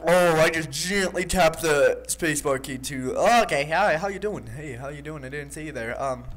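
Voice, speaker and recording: A man's voice: on the high side, normal speed, a bit bright. A man playing a horror game, joking and nervously talking to the monsters on screen, with a desk microphone. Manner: jumpy and jokey, talking to the animatronics. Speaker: gaming YouTuber. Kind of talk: horror game let's play commentary.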